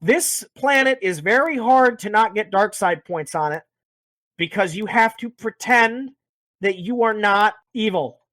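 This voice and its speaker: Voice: mid-range voice, expressive, unhurried, fairly bright tone, no echo. A speaker casually recapping a video game's story, rambling, joking and swearing a lot. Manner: profane, rambling, jokey. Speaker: podcast host.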